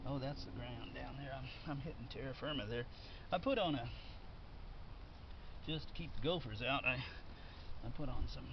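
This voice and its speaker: A man's voice: medium pitch, normal speed, long pauses. Chatty man digging in his garden. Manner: chatty, thinks aloud, delighted exclamations. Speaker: home gardener. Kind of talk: casual narration while digging up potatoes. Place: backyard garden outdoors. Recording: dull lo-fi sound with steady background noise.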